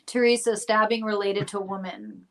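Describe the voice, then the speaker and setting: A woman's voice: medium pitch, big pitch swings, moderate pace, a bit bright, a little hiss or hum. A woman co-host with a mid-range voice chats in a wry, easy way during a live stream. She reacts and comments casually.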